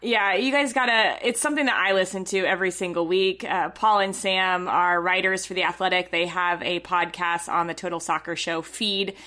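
A woman co-hosting a casual soccer podcast, chatty and animated, with fillers and a dry, sarcastic streak. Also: fairly low pitch, normal speed, hardly any pauses. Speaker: podcast co-host.

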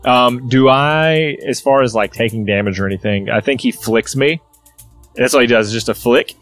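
A man's voice: mid-range voice, normal speed, a bit bright, no room sound, soft background music. A man playing a tabletop role-play game, describing his character's actions hesitantly in first person.

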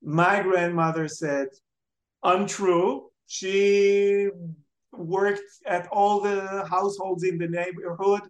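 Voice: medium pitch, slow pace, roomy sound. A speaker from Israel, a memoir author telling family stories in an interview and acting out the people quoted. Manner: animated storyteller, acts out quoted family members. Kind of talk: storytelling interview answers.

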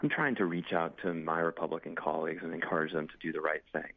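A man with a low voice speaks with urgency and strong emphasis, pressing each point as an interview guest. His voice comes through a narrow, tinny phone line. The sound is dry, with no room around it. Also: flat delivery, fast, vocal fry, dry recording. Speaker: congressman and Marine veteran.

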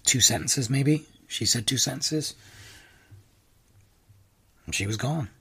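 A man tells a rambling personal story on his own show in a very husky, rough voice. His talk is casual and animated. His pitch leaps up when he acts out excited reactions. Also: slow. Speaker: podcast host.

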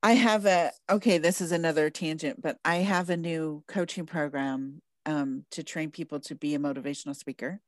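A woman's voice: deep voice, steady tone, moderate pace, few pauses, no room sound. A woman hosting an interview podcast, bubbly and gushing, laughing often as she chats. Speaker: podcast host. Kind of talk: casual interview chat.

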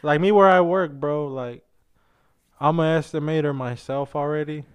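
A man's voice: a little high, fairly even intonation, moderate pace, clear, resonant tone. A young man telling a rambling story in casual chat, slangy and profane, peppering his talk with "bro" and "dude.". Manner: loose, rambling anecdotes with restarts.

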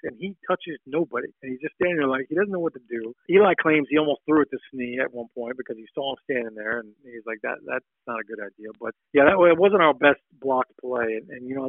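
A man's voice: medium pitch, no echo. A man, a retired football player, calls in as a guest and tells stories in a rambling, casual way with lots of restarts. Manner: rambling, anecdotal, with frequent restarts. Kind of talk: casual interview storytelling. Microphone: phone call. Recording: tinny phone line.

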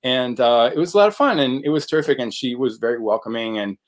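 A man's voice: mid-range voice, quick pace. A man who works as an actor, chatting casually in an interview, rambling with lots of fillers and restarts. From United States. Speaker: actor guest.

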